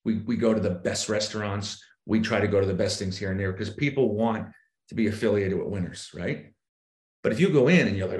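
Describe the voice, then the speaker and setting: A man with a fairly low voice talks through how he works sales calls. He keeps acting out both sides of a phone pitch, swinging his tone up and down as he goes. The sound carries a roomy echo. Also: fairly quick. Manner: animated, acts out sales calls with shifting tone. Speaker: real estate agent, guest. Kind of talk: casual podcast chat.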